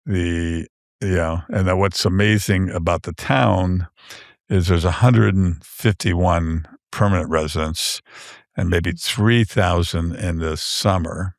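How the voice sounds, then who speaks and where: A man with a very low, deep voice tells meandering stories as a podcast guest. He restarts often and fills the gaps with "uh" and "you know". The studio sound is dry and close. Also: fairly even intonation, slow, no echo. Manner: rambling storyteller, many restarts and fillers. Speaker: author guest. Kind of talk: casual podcast chat.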